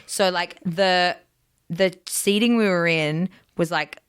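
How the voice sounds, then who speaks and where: A woman comedian on a podcast, telling an animated story in casual chat, full of "like" fillers and acted-out quotes. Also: lowish voice, slow pace, clear, resonant tone.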